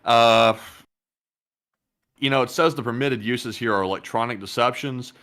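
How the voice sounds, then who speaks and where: A man co-hosting a casual news talk show, measured and hesitant, often pausing on "uh". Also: mid-range voice, a bit bright. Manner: hesitant, many "uh" fillers, measured. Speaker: co-host.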